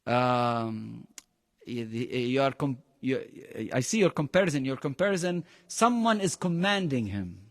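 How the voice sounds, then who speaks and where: A man's voice: medium pitch, expressive, unhurried. Man w/ teaching a quran class, keeps asking the room questions, long hall echo. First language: Arabic. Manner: quizzes the class with frequent questions; emphatic, mixes Arabic phrases into English. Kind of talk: Quran lesson to a live class.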